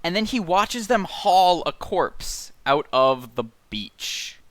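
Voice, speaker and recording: A man hosting a casual live-streamed book club, reading passages of a novel aloud with slow rhythm and chatting about them. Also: sits high, expressive, fairly bright tone, no room sound. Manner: reads passages slowly and rhythmically, then chats quickly. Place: home setup, streamed live.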